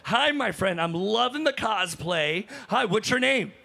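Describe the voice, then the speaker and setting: A high, gravelly male hype host works a convention floor. He shouts with excitement and chats with fans as he moves through the crowd. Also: measured pace, very noisy. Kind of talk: energetic live event hosting.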